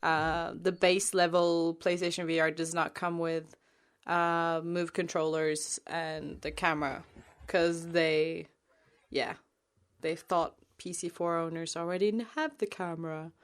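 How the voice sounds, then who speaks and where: A woman's voice: lowish voice, little pitch movement, a little slow, clear, resonant tone. A woman co-hosting a podcast, talking in a chatty, rambling way with lots of fillers. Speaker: podcast co-host. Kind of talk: casual podcast chat.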